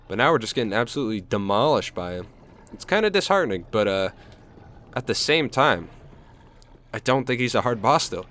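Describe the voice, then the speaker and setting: Animated man narrating his gameplay. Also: mid-range voice. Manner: chatty running play-by-play, self-mocking. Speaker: gameplay host. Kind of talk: let's play commentary.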